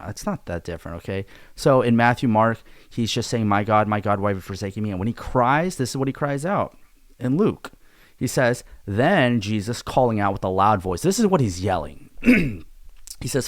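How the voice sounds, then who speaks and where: A man's voice: lowish voice, lively intonation, normal speed, dry recording, clean studio sound. Laid-back man teaching a Bible study. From Korea. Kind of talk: casual Bible study video.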